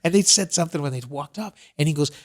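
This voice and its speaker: This fast-talking podcast host, a man with a fairly high voice, meanders through a lengthy story in a laid-back casual chat, returning again and again to his point while using "you know" and "whatever" throughout.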